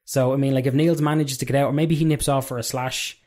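A man's voice: medium pitch, fairly even intonation, quick pace, a little mellow. A man co-hosting a casual true-crime podcast, talking bluntly. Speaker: podcast co-host.

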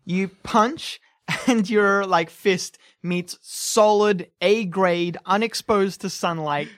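A game master running a tabletop fight, gleefully describing gory blows between bursts of laughter. The voice sits at a middling pitch and the delivery is loose, full of "like" and restarts. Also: takes it slowly. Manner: laughing, gory play-by-play with many "like"s.

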